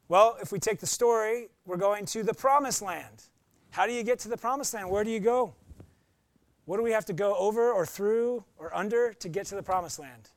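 A man's voice: high voice, no echo. A man preaching a conversational, emphatic sermon as pastor, acting out short quotes.

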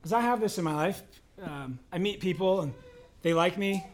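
Sitting high in pitch at a moderate pace, a man gives a sermon as pastor in a loose, joking, conversational manner. He acts out the voices in his quotes.

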